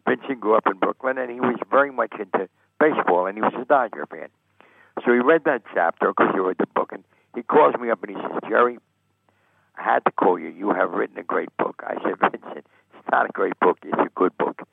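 An older American man, a sportswriter guest, telling lively anecdotes and acting out the people he quotes. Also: lowish voice, fairly quick, vocal fry, slightly rough, dry recording. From United States. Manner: animated storyteller, acts out quoted voices. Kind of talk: anecdotal storytelling interview. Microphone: phone. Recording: tinny phone line.

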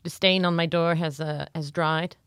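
A woman's voice: low voice, fairly even intonation, normal speed, fairly bright tone, smooth, no echo, clean studio sound. A woman co-hosting a comedy podcast, rambling and self-deprecating, laughing often. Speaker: podcast co-host. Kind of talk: casual comedy chat.

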